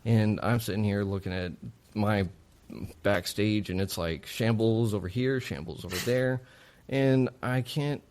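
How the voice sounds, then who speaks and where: A man's voice: on the low side, measured pace, a little mellow, a little hiss or hum. A man hosting a recovery podcast, talking in a supportive, open, conversational way. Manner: supportive, open, many short affirmations. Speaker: podcast host. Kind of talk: casual interview conversation.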